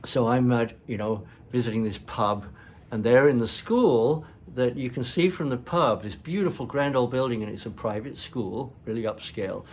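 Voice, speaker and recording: A man's voice: medium pitch, moderate pace, slight background noise. A man with an upper-class English accent telling rambling stories on his vlog in a chatty way, full of fillers. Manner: chatty, laughs often, filler-heavy. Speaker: vlog host. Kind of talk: rambling anecdotal storytelling.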